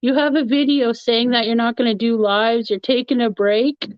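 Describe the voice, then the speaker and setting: A woman's voice: on the high side, steady tone, moderate pace, dry recording. A woman hosting a live stream, chatting casually with her viewers and laughing often as she rambles. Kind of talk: casual chat answering a live chat. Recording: dull, lo-fi, dry sound.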